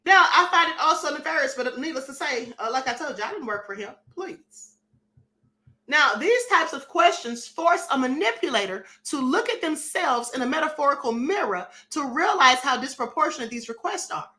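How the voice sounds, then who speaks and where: Sassy animated woman with a bright high voice. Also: fairly quick, hardly any pauses. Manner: sassy, animated, acts out little dialogues, laughs often. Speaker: live stream host. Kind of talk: casual live-stream talk reading chat comments.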